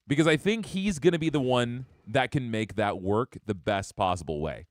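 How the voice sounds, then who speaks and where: A man's voice: medium pitch, expressive, moderate pace, few pauses, no room sound, clean studio sound. Chatty young male game streamer. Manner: upbeat, chatty, talks to chat. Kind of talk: live gameplay commentary.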